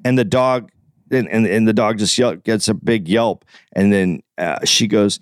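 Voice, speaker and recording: A man co-hosting a podcast, talking in a casual, animated way, swearing freely and breaking into quick rants. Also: lowish voice, dry recording, studio quality. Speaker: podcast co-host. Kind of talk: casual chat.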